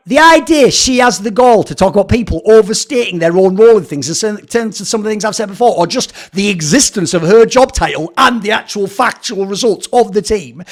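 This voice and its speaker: A man ranting angrily in a video commentary, sarcastic and swearing, mocking others in put-on voices. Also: high voice. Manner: angry, sarcastic, swears often. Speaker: esports commentator.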